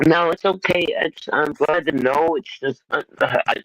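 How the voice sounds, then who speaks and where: A man's voice: a little high, unhurried, a bit bright, no room sound, low-quality recording. A man co-hosting a casual livestream, stammering and swearing casually, upset and close to tears.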